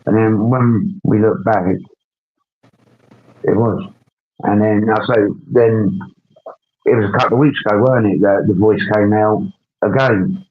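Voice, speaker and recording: A low-voiced man hosts a casual livestream and rambles as he sorts out uploads. He keeps checking himself with tag questions. His audio is dull and lo-fi. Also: fairly even intonation, a little slow, pauses often. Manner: rambling, adds tag questions, talks through tasks. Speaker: livestream host.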